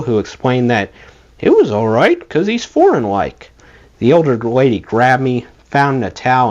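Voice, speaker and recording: A man reading a memoir aloud as an audiobook, with an expressive delivery. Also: medium pitch. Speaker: audiobook reader. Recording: dull lo-fi recording.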